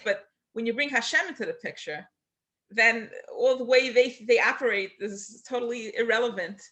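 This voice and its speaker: A woman's voice: a little high, normal speed, a bit bright, dull audio. A woman teaching a class over a video call, earnest and encouraging with her students.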